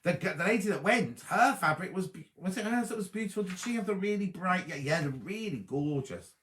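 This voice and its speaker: A man's voice: sits high, animated, fairly quick, a bit bright, slight background noise. A man hosting a casual live stream, chatting and reading viewer comments aloud and answering them. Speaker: host reading live chat.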